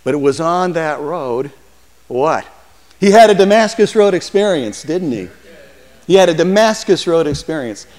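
A man in his sixties preaching a sermon, telling stories in an animated way and acting out voices. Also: medium pitch. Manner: animated storytelling, acts out voices. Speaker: pastor. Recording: long hall reverb.

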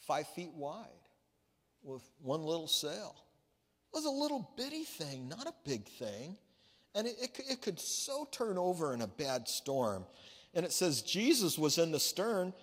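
Guy preaching a sermon, kinda high voice, tells it like a story, long echo off the hall. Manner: storytelling, conversational preaching with restarts. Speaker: pastor. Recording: long reverb of a large hall.

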